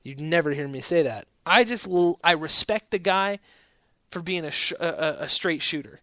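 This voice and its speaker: Male podcast host, higher-pitched, opinionated rambling commentary. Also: normal speed, sharp tone, no room sound. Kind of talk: casual political commentary.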